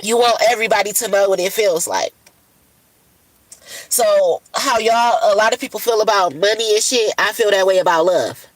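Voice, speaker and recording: A woman's voice: mid-range voice, moderate pace, dry recording, rough recording. A woman on a casual livestream, talking bluntly and profanely about love and self-care, worn out after a long cry. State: puffy-eyed after crying. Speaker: livestream host. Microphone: phone camera.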